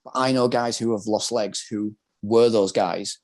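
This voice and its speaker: A man's voice: lowish voice, fairly even intonation, measured pace. A man from Britain, a former soldier, telling his story as a podcast guest in a candid, rambling, casual way, full of filler words. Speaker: guest, former soldier and wheelchair rugby player.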